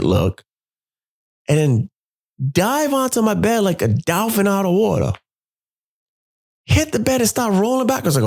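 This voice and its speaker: A man hosting a podcast, telling a personal story in an animated, profane way and acting out what people said. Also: a little high, measured pace, creaky. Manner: animated, profane, acts out quotes. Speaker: podcast host.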